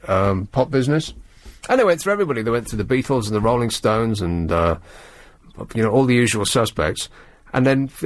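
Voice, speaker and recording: A male radio presenter in a studio, talking in a sardonic, rambling way with animated emphasis. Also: on the low side, no echo. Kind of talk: late-night radio talk. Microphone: studio microphone.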